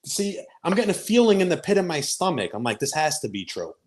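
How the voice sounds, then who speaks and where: A man chatting casually as a guest, mocking and quick to laugh. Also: on the high side. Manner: lively, mocking, laughs a lot. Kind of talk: casual chat.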